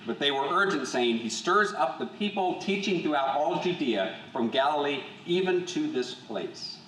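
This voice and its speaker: A man leading a Bible study group, reading scripture aloud and then talking it through in a measured, thoughtful way with frequent restarts. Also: a little high, expressive, fairly bright tone, far from the mic. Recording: echoey room, voice from off-mic, faint hum.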